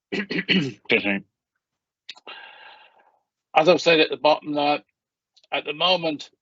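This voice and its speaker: A man with a croaky voice giving a measured, formal presentation at a meeting, with small restarts. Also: mid-range voice, no room sound. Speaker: hospital governor presenting at a meeting. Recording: dull, lo-fi meeting audio.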